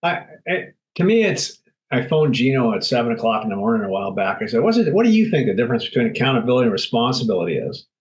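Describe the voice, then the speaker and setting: A man's voice: medium pitch, sing-song, fast talker, low-quality recording. A man speaking bluntly and emphatically as an interview guest, acting out little quoted exchanges. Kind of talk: candid interview talk.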